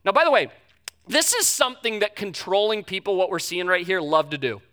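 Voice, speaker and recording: Brief: young male pastor, bright forceful voice, lively storytelling sermon with acted-out quotes. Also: a little fast. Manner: animated storytelling, acts out quotes with big pitch jumps.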